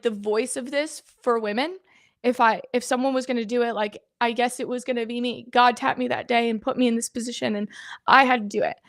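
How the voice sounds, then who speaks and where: A young woman in her twenties talks to her livestream audience in a high voice. She speaks earnestly, repeating points for emphasis, and sounds close to tears. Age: 20s. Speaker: guest host of a livestream. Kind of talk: livestream open forum.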